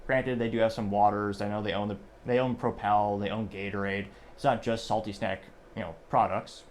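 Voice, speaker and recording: A man's voice: on the low side, flat delivery, fairly quick, a little hiss or hum. A male host giving casual news commentary, rambling and correcting himself as he reads business stories aloud.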